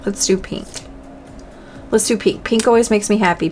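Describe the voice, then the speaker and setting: A woman's voice: mid-range voice, normal speed, creaky, slight background noise. A woman hosting a budgeting channel, chatting casually to camera while playing a dice game, talking to herself and counting aloud.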